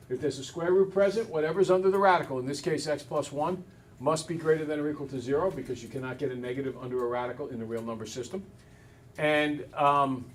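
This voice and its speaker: A man teaching a math class, brisk and teasing, talking to students in a classroom. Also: fairly high pitch, far from the mic, slight background noise.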